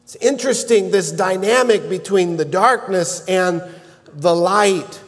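High-voiced man preaching in a reverberant hall. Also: unhurried. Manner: earnest preaching, rising to emphatic shouts on key lines. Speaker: pastor. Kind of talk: sermon.

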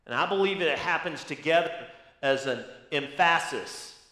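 A man's voice: a little high, lively intonation, a little fast, bright, forceful tone, echoey room. A man preaching a sermon as pastor, teaching with emphasis and asking rhetorical questions.

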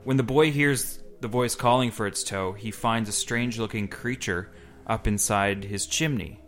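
A man's voice: on the low side, normal speed, a bit bright. A man hosting a podcast, reading a spooky story aloud to friends, breaking in with casual asides. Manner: reads aloud with asides and laughs. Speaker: podcast host.

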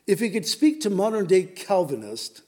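A man's voice: high-pitched, sing-song, moderate pace, mellow. A man preaching a sermon in an earnest, emphatic, urgent way.

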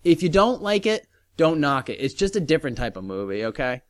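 A man's voice: on the high side, very animated, fairly quick. A man hosting a casual podcast, rambling and restarting his sentences as he talks about movies and reads sponsor promos. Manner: rambling, self-interrupting, reads promos aloud. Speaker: podcast host. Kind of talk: casual chat.

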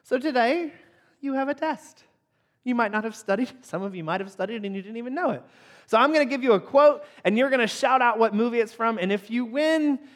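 High-voiced man teasing a live crowd. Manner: animated, jumps up in pitch when surprised. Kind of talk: playful sermon opening with audience participation.

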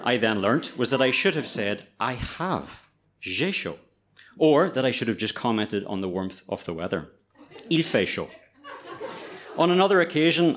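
Lively comic male storyteller. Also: mid-range voice. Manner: comic, self-deprecating, often laughing. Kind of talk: told personal story.

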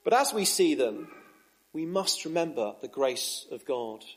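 A man preaching a sermon in an earnest, measured way, with emphatic rises. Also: fairly high pitch, expressive.

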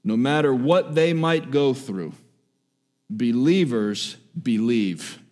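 A man preaching a sermon with emphasis, repeating key phrases and swinging between raised exhortation and hushed, quiet lines. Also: mid-range voice, slow pace, soft background music. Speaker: pastor.

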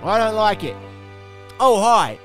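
A man's voice: high voice, very animated, slow, faint music behind, pitched above the performer's own voice, exaggerated voice. A man voicing an indignant ranter in a put-on Cockney accent. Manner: shouty indignant rant.

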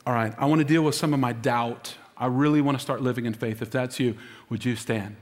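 A man's voice: medium pitch, a little fast. Guy pastor preaching easter sermon, pumped up, gets the crowd answering back, big echoey church. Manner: energetic, calls for congregation responses. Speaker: lead pastor. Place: large church auditorium. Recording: long hall reverb.

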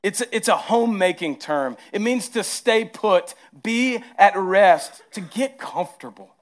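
A man with a Southern accent preaching a sermon as pastor, moving between hushed, tender lines and emphatic rises. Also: sits high, expressive, measured pace.

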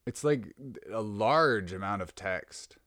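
An amused male podcast host with a fairly low voice, chatting casually and breaking into laughter as he reads strange text aloud. His voice sounds close and dry, with no room sound behind it. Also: a little slow, dry recording. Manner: amused, laughs while reading odd text.

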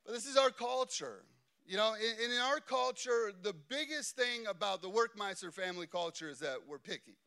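Animated, high-voiced male preacher. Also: moderate pace, clear, resonant tone. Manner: animated, chatty, keeps asking "okay?". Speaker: pastor. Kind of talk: sermon with family stories.

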